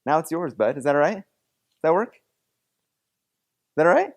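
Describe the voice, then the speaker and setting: A man's voice: fairly high pitch, very animated, moderate pace. A man leading a playful object lesson for students in a classroom, coaxing and joking with volunteers. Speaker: teacher.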